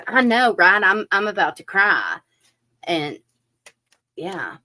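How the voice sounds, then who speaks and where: A tarot reader with a mid-range voice takes her time during a live-stream reading. Lively and talkative, she addresses her audience head-on, using lots of filler words.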